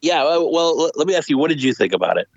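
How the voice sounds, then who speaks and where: A man co-hosting a casual podcast, an excitable self-described comic-book nerd giving animated opinions. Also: a little high, fast, no echo, muffled recording. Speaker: podcast co-host.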